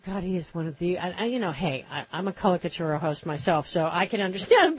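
A woman hosting a political talk radio show, sarcastic and rapid-fire with mocking asides. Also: medium pitch, animated, slightly rough, no echo, highs cut off.

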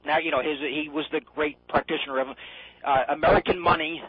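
A man from New Hampshire calling in to a radio show, talking in a halting way and repeating his words. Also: a little high, fairly even intonation, husky, no echo. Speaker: caller. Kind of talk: call-in radio chat. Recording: dull lo-fi radio call.

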